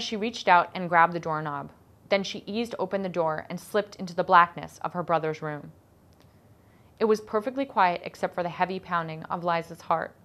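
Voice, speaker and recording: Expressive woman reading her novel aloud. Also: fairly low pitch. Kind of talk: audiobook-style narration of a children's novel.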